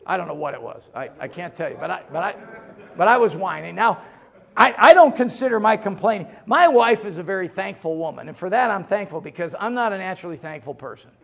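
A middle-aged man preaching a sermon as pastor, folksy and joking, swinging from loud emphasis to low asides. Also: lively intonation, fast, gravelly, husky.

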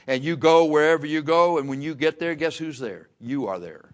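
A man's voice: fairly high pitch, a little fast, few pauses. A man preaching a sermon in a plain-spoken, folksy way, pushing key words with emphatic rises and repeating phrases for effect. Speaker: pastor.

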